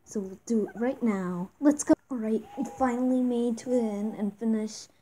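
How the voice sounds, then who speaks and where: A woman giving casual commentary on her own gameplay, reading the game's text aloud with excited outbursts. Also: fairly high pitch, moderate pace, rough recording. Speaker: gameplay video host. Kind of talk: casual let's-play commentary. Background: game music.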